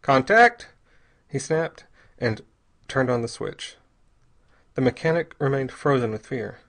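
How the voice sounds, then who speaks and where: A man narrating an audiobook chapter in a steady, even reading voice. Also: mid-range voice, unhurried, vocal fry. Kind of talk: scripted narration.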